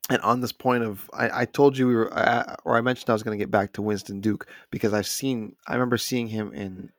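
A man co-hosting a podcast in casual film talk, relaxed and retelling scenes by quoting characters. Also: lowish voice, brisk, no echo, clean studio sound. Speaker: podcast co-host.

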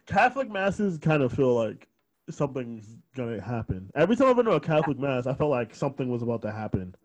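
A man's voice: medium pitch, very animated, fast talker, a little mellow, lo-fi sound. A young man chatting casually on a podcast, often breaking into laughter while he tells rambling stories into a close mic. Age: young adult. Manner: laughs a lot, rambling storytelling. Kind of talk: casual chat. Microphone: close studio mic.

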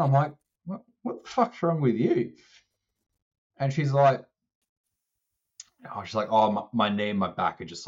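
A man co-hosting a casual podcast, telling an animated story and acting out both sides of the conversation, swearing now and then. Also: fairly low pitch, highs cut off. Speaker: strength coach co-host.

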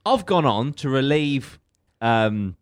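A young man telling a story on a podcast, animated and sweary, laughing often. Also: medium pitch, takes it slowly, dry recording, studio quality. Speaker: podcast co-host. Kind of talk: casual storytelling chat.

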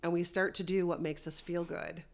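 A woman's voice: on the low side, level tone, normal speed, vocal fry. A woman hosting a podcast, speaking in an encouraging, heartfelt and earnest way. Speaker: podcast host. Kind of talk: interview conversation.

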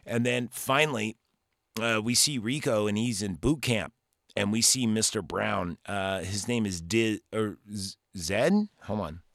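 A male podcast host giving a rambling, profane, animated casual recap of a movie. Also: fairly low pitch, unhurried, creaky, no echo, clean studio sound.

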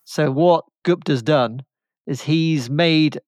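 A man's voice: fairly high pitch, slow, darkish tone, no echo, studio quality. Sardonic guy recapping a plot. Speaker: podcast co-host.

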